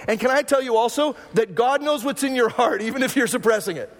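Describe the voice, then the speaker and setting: A man's voice: extremely high pitch, quick pace, few pauses, big-room sound. A male pastor preaching a sermon, repeating phrases and tossing in "right?" asides.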